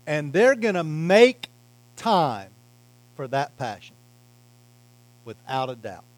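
A man preaching a sermon as pastor, emphatic, swinging from loud to quiet and slowing on key words. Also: fairly high pitch, big pitch swings, no room sound, rough recording. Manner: emphatic preaching, varying loudness and pace.

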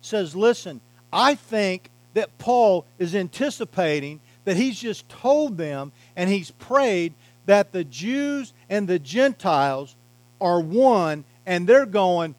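A man preaching a sermon as pastor, emphatic, swinging from loud to quiet and slowing on key words. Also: sits high, expressive, no echo, rough recording. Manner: emphatic preaching, varying loudness and pace.

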